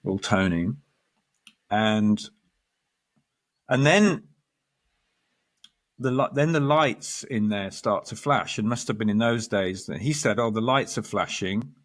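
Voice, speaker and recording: A man, a guest astrologer, telling a story in lively conversation, acting out quoted lines and restarting his sentences. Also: lowish voice, slow pace, pauses often. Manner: animated storyteller, quotes others, restarts often.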